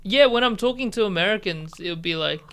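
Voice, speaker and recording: Guest: Australian man, bright gravelly voice, laid-back rambling delivery. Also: high voice, lively intonation, brisk. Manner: easygoing, filler-heavy, trailing off. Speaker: comedian guest. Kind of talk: casual chat.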